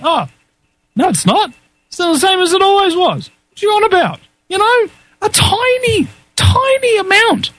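A man's voice: a bit bright, no room sound. A man hosting a talk show, telling a story in an emphatic way. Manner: emphatic, storytelling, swoops up high on key words. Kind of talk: animated talk show monologue.

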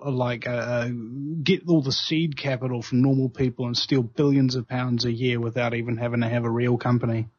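Halting male host, dull lo-fi sound. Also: medium pitch, level tone, darkish tone. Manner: halting, many fillers. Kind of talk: conversational interview. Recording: dull lo-fi audio.

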